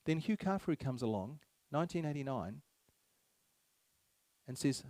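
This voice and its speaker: A man's voice: mid-range voice, expressive, unhurried, warm tone, dry recording. A man giving a public speech to a live audience, emphatic, repeating key phrases and firing rhetorical questions at the crowd. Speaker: speaker at a public meeting.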